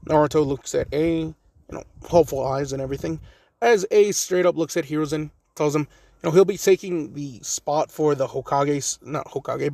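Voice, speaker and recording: A man's voice: on the high side, normal speed, vocal fry, a little mellow, no room sound. A man casually narrating a fan-made story, rambling with many fillers.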